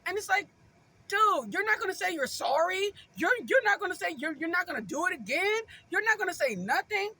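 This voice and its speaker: A woman's voice: very high-pitched, expressive, fairly quick, sharp tone, slight background noise. A woman vlogger giving casual relationship advice straight to her viewers, informal and emphatic, repeating her points again and again. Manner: emphatic and repetitive, hammering points home; informal, conversational, addresses viewers directly.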